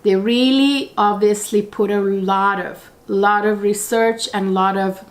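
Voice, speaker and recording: Husky woman vlogger with a cold, slow. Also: mid-range voice, steady tone. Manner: chatty and rambling, with frequent fillers. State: hoarse from a cold. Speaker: beauty vlogger. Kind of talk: casual chat to camera.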